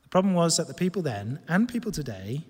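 A man preaching a sermon in a church hall, animated and emphatic, moving from loud emphasis to hushed stress. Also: on the high side, fast talker, breathy edge. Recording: long reverb of a large hall.

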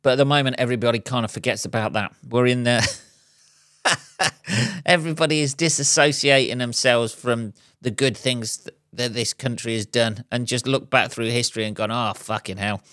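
A man's voice: mid-range voice, fairly even intonation, moderate pace, a bit bright, dry recording, studio quality. A man hosting his own podcast, rambling through a profane, wry monologue with chuckling asides. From England. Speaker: podcast host and comedian.

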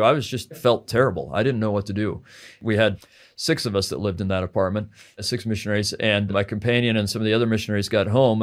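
A man with a low voice talks through scripture in a relaxed, conversational way. He sounds heartfelt and reflective, and he slows down to lean on the phrases that matter to him. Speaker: scripture teacher, podcast guest.

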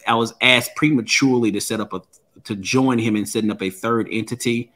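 A man's voice: fairly low pitch, bright, forceful tone. A man who is a guest and author, telling a personal story in an interview in an earnest way and often repeating words as he starts a thought.

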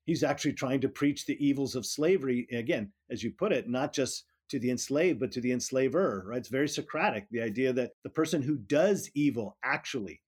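A man's voice: mid-range voice, lively intonation, a little fast, hardly any pauses, darkish tone, husky. Thoughtful man with frequent restarts. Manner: thoughtful, many restarts and repeated words. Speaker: politics professor, guest. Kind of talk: academic interview conversation.

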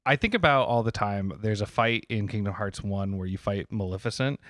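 A man's voice: fairly low pitch, brisk, a bit bright, no room sound, studio quality. A man co-hosting a podcast, chatting casually about video games, laughing easily and swearing now and then. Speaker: podcast co-host.

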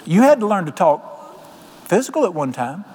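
A pastor with a high, mellow, husky voice preaches a sermon at a moderate pace, very animated as he tells homespun stories. In folksy style he imitates the voices of people he quotes and asks his congregation questions. A long hall reverb surrounds him.

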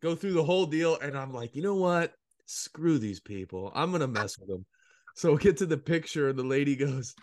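A man's voice: a little high, animated, brisk, darkish tone, no room sound, clean studio sound. A man hosting a podcast in casual chat, telling stories animatedly and mimicking people in a raised voice. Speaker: podcast host.

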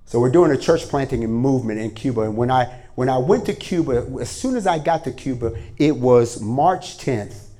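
A man preaching a sermon to a congregation in a church, moving from quiet prayer to energetic storytelling. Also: medium pitch, normal speed, hardly any pauses. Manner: starts with hushed prayer, then lively storytelling with voiced characters. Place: church hall before a congregation.

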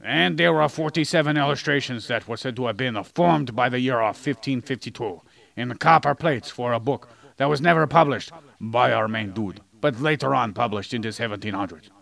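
A podcast co-host with a medium-pitched, slightly bright voice and vocal fry talks a little fast. He casually explains history, tossing in goofy jokes and asides along the way. The audio quality is poor.

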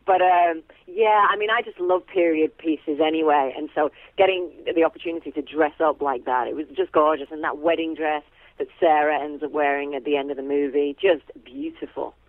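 A woman actress chatting as a guest, warm and chatty with lots of fillers and easy laughs. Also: low voice, moderate pace, no room sound. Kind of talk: casual phone interview. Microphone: telephone. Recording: tinny phone line.

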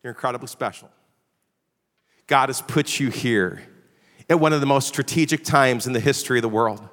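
A big hall's long reverb surrounds this middle-aged man from the Chicago area as he preaches a storytelling sermon. His voice is medium-pitched, brisk and a bit bright, and his manner is conversational and self-deprecating, with frequent "all right?" tags.

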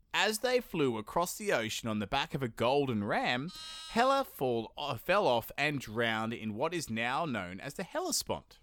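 Host: man, lively pitch, dry close mic, casual swearing storyteller. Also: dry recording. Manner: animated, swearing, laughing.

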